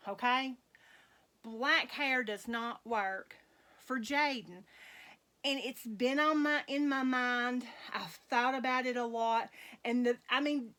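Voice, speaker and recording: This is a middle-aged woman, talking casually to her viewers. Her voice sits a little high. She speaks slowly and loosely, rambling on and laughing often. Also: a bit bright. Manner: slow, chatty, folksy, laughs often. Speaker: vlogger dressing reborn dolls.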